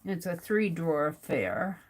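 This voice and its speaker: A middle-aged art vlogger with a lowish voice and lively intonation talks to herself as she draws. Her casual narration is slow and musing as she weighs what to sketch next.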